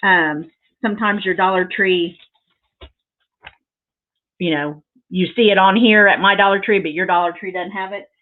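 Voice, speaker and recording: Here a woman of medium pitch speaks at a moderate, steady pace, leaving long pauses. Hosting a relaxed crafting livestream, she rambles warmly and sentimentally to her viewers with lots of fillers, all through tinny, phone-like audio.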